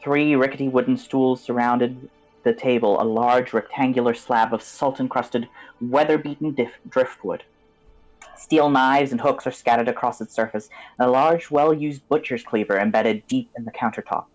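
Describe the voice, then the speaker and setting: A man's voice: mid-range voice, steady tone, moderate pace, faint music behind, low-quality recording. Man narrating a tabletop game. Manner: vivid descriptive narration, loose with fillers when improvising. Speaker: game master.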